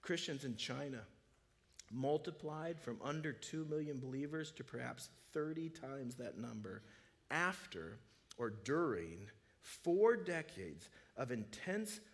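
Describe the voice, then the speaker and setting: A man preaching a sermon in a church, talking casually with restarts, then swelling from quiet low asides to loud, high, urgent peaks. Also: animated, a little slow. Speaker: pastor. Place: church sanctuary.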